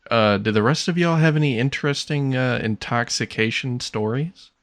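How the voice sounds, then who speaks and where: A man's voice: medium pitch, normal speed, no room sound. A young man co-hosting a podcast, making laid-back, dry remarks in slang. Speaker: podcast co-host. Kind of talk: casual podcast chat.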